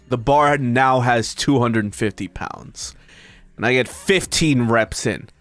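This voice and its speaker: A male streamer reading an internet story aloud to his chat, breaking off into high, disbelieving comments. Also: slow, no room sound, faint music behind. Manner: animated, breaks into high-pitched disbelieving asides.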